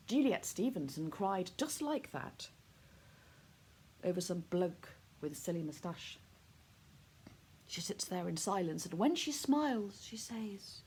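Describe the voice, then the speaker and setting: A woman reciting her own poem in a soft, hushed, heartfelt and grieving way. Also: fairly low pitch, very animated, measured pace, long pauses, slight background noise. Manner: soft, hushed, intimate delivery. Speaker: poet. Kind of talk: poetry recitation.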